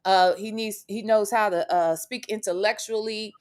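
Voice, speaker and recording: A woman's voice: mid-range voice, fairly even intonation, normal speed, a little mellow. A woman from the Midwest hosting a casual talk show, blunt and emphatic with frequent swearing. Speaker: podcast host. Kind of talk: casual chat.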